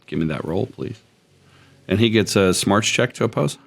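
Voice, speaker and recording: A man's voice: on the low side, lively intonation, moderate pace, gravelly. A man narrating as game master, describing scenes in a loose, rambling way.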